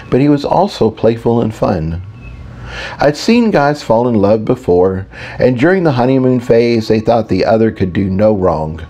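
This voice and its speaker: Male narrator, first-person audiobook, low voice, warm and mellow, intimate, reflective.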